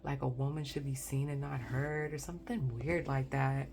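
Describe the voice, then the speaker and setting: Woman, tarot reader, low voice, rambling chat to viewers. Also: steady tone, normal speed, noisy background. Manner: rambling, chatty, addresses viewers as guys. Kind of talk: casual pick-a-card tarot reading.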